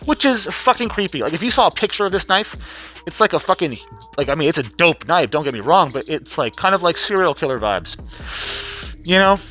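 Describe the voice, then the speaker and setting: A young man giving a casual, profane recap vlog, animated and full of fillers and restarts. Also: fairly high pitch, moderate pace, faint music behind. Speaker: vlogger recapping a trial.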